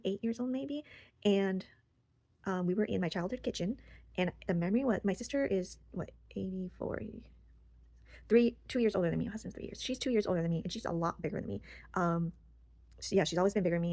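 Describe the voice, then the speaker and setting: A woman's voice: mid-range voice, a little mellow, no echo. A young woman sharing a personal story in casual, rambling talk full of fillers and restarts, recorded close on the mic. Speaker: channel host.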